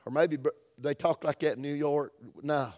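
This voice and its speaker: A middle-aged pastor with a Southern US accent delivers a folksy sermon in a fairly high voice. He stretches words out for emphasis and swings between booming stresses and near-whispered phrases. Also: steady tone. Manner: folksy, emphatic, drawn-out preaching with sudden loud and soft turns.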